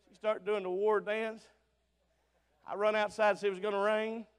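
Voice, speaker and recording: High-voiced Southern preacher in a big hall. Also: male voice, little pitch movement, normal speed, smooth. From Alabama. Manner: fervent, plain-spoken, swings between loud bursts and soft asides. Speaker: visiting preacher. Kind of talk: revival sermon. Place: church auditorium. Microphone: church sound system mic. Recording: long auditorium reverb.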